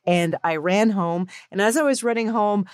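A woman in her thirties hosting a podcast, telling a personal story in a casual, animated and candid way, with some swearing. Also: mid-range voice, moderate pace, smooth, no echo, studio quality. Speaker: podcast host. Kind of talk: casual monologue.

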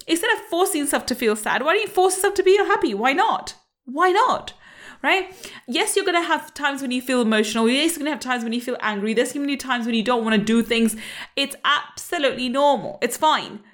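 Middle-aged woman motivational coach, high bright voice, upbeat, laughs easily, keeps asking "right?". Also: expressive, fairly quick. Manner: upbeat, laughs often, repeats rhetorical questions. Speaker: money coach. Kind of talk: motivational talk to camera.

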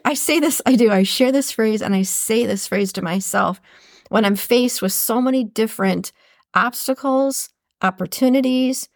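A woman's voice: fairly high pitch, gravelly, no room sound, clean studio sound. A woman hosting a motivational podcast, speaking earnestly and repeating phrases for emphasis. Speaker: podcast host. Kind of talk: motivational monologue.

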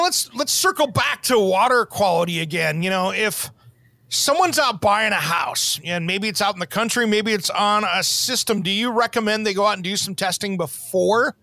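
Hosting a podcast, this man has a high, pushed, bright voice with vocal fry, recorded without echo. He's chatty and relaxed, spinning rambling stories and laughing readily.

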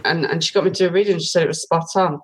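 A woman's voice: lowish voice, fairly even intonation, rapid-fire, breathy edge, poor audio. A woman in her forties from Britain, telling her story in a casual interview with many fillers. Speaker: guest, tarot reader.

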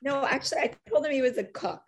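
A middle-aged woman, an agency CEO, telling stories in an interview, animated and full of fillers, acting out quoted lines. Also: high-pitched, quick pace. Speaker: agency CEO, podcast guest. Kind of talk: conversational interview storytelling.

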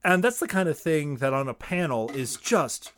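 A man co-hosting a casual podcast, enthusiastic and quick to argue his point. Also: fairly high pitch, sing-song, fairly bright tone, slight background noise. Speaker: podcast co-host. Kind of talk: casual chat.

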